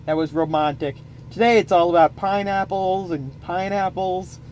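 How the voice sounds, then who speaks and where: A man's voice: high-pitched, normal speed, a little mellow, a little hiss or hum. A man improvising a comic story, rambling with playful asides.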